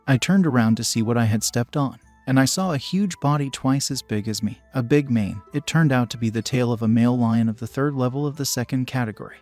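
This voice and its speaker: A man narrating a comic fantasy recap in an even, unhurried first-person storytelling voice. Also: mid-range voice, faint music behind.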